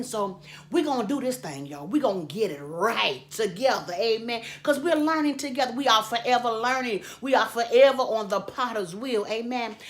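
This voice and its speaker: A woman chatting with viewers from her home kitchen while doing dishes, in a repetitive, preachy way, calling them y'all and adding amen. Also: a little high. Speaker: faith vlogger. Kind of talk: casual chat with viewers while cleaning. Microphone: camera propped up and moved around.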